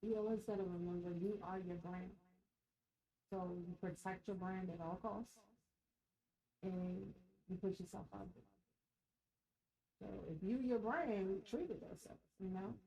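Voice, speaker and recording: A woman's voice: mid-range voice, measured pace, long pauses, warm tone, low-quality recording. A woman co-hosting a casual podcast, talking in a chatty way and giving advice. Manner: chatty, advising. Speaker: co-host.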